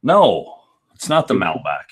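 A man guesting on a live whisky chat who keeps a dry, deadpan delivery and plays dumb for laughs. His voice is a touch low. He talks casually and stops to greet viewers. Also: a little slow, a loud crowd. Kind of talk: casual live-stream banter.

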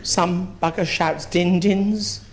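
High-pitched and fairly even in intonation, a man speaks slowly while performing live drag on a theatre stage as a lofty, foul-mouthed elderly queen mother. The mood is bawdy, his tales affecting gentility until crude punchlines land.

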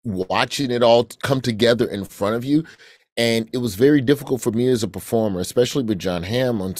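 A man from Alabama, a comedian guest, chatting in an interview with relaxed storytelling and joking asides. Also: medium pitch, brisk, no echo, clean studio sound. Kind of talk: casual interview chat.

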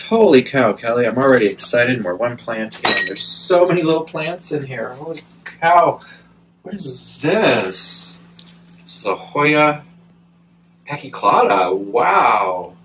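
A man's voice: mid-range voice, far from the mic, a little hiss or hum, poor audio. A man filming a casual plant unboxing vlog at home, gushing and talking straight to the camera. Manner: excitable, gushing, talks to the camera. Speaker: plant vlogger.

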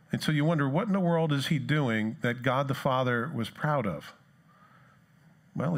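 A man's voice: mid-range voice, a bit bright. Man preaching in a chatty sermon. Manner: conversational preaching, asks the congregation questions. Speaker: pastor. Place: church.

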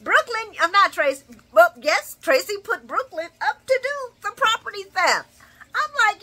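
A woman with a bright, forceful voice that sits a little high, chatting through a soap opera recap. She is sassy and opinionated and laughs often. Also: animated, normal speed. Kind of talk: casual chat recap.

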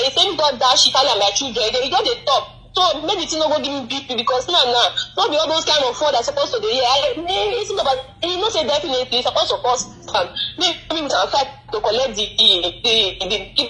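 A woman's voice: high-pitched, animated, quick pace, few pauses, pushed and bright, poor audio. A young woman from Nigeria with a Nigerian Pidgin accent, calling in and pleading in distress. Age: young adult. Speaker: caller. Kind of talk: phone call appeal.

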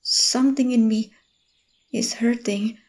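Woman voicing a guarded, lonely young woman, slow and mellow, stammering, crickets behind. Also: a little high, fairly even intonation. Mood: resisting. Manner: hesitant, stammering, soft-spoken. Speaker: voice actor. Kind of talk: audio role-play.

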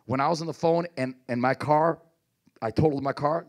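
A man's voice: a little high, moderate pace. A man preaching a sermon at a church service as pastor, calling out to the congregation and urging them to respond.

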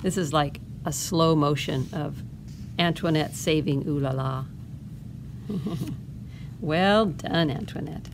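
A woman librarian reading a picture book aloud to children, pausing for gentle explaining asides. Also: sits low, background noise. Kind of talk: storytime read-aloud.

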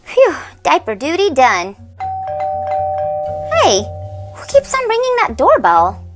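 A woman's voice: high-pitched, huge pitch swings, takes it slowly, loud music behind the voice, exaggerated voice. A woman voicing a teenage big sister babysitting in a toy doll role-play, scolding and sing-song. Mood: exasperated. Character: teen big sister babysitting, bossy but kind.

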